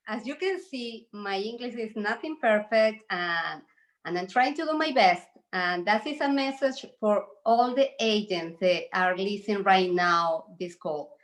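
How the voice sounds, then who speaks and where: A woman insurance agent with a Spanish accent, talking haltingly and laughing often on a video call. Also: medium pitch, lively intonation.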